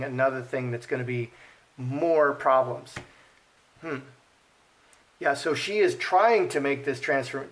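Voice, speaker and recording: A man's voice: medium pitch, a bit bright. A man giving casual commentary while reading cards, thinking aloud, repeating himself and murmuring the card names. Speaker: card reader.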